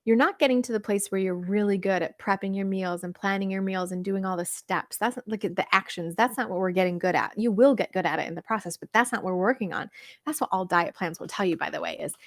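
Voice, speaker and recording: A woman coach chatting through a livestream Q&A, reading viewer comments and answering in an animated, laughing way with lots of fillers. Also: medium pitch, quick pace, no echo, clean studio sound. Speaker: weight-loss coach.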